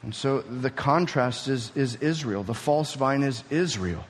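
A man's voice: mid-range voice, unhurried, a little hiss or hum. A man preaching a sermon, teaching through a passage and building to emphatic peaks. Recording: reverberant hall.

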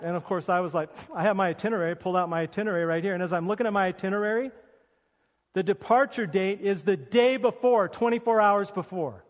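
A man's voice: sits high, steady tone, fairly quick, in a large hall. A man preaching a sermon as pastor, telling a story about himself with self-deprecating humor before reading scripture.

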